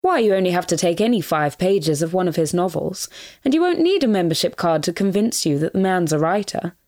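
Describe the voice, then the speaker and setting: A woman's voice: lowish voice, expressive, a little fast, a little mellow, lightly acted. A woman reader voicing a florid, mock-dignified man who speaks with elaborate, theatrical politeness in a storybook reading. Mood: mock-courteous.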